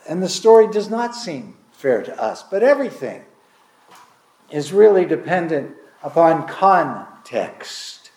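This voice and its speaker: Male pastor, slightly high voice, casual storytelling sermon, big dramatic emphasis, roomy reverb. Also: very animated, a little slow, a little mellow. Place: congregation hall. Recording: echoey room.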